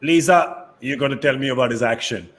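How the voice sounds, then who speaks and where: A man hosting a cricket talk show in a lively, joking way. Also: mid-range voice, fairly quick. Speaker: host.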